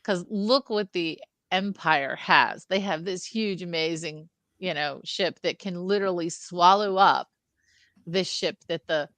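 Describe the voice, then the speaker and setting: A woman's voice: on the low side, measured pace, a bit bright, dry recording. A woman co-hosting a casual film review chat, analytical and thoughtful, often checking in with the others. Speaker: podcast co-host.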